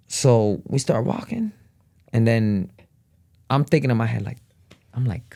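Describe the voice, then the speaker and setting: A man's voice: medium pitch, brisk. A man telling a family story in casual chat, acting out the people in it and laughing often. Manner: animated, acts out quotes in different voices. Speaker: family vlogger.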